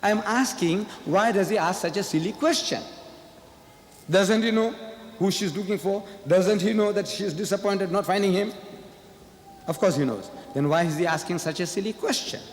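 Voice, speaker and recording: A man's voice: high voice, normal speed, slight background noise. A man debating in a public speech, making his points with emphatic repeated rhetorical questions. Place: large lecture hall. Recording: echoey hall, faint ambience.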